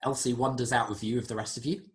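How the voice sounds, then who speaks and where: A man narrating as game master, describing scenes in an unhurried, descriptive way. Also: medium pitch, steady tone.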